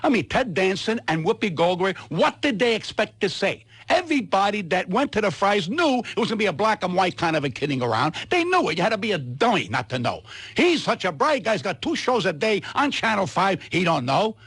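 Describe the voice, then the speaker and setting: Radio guest rant: New man, indignant and loud, dry close mic. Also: sits high, very animated, fairly quick, breathy edge, no room sound. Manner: loud, indignant, ranting with repetitions. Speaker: comedian guest on radio talk show.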